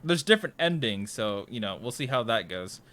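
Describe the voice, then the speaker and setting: A man's voice: medium pitch, big pitch swings, normal speed, fairly bright tone. A young man casually chatting to viewers while playing a horror game live, jittery and nervous, often trailing off into mumbles. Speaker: livestreamer.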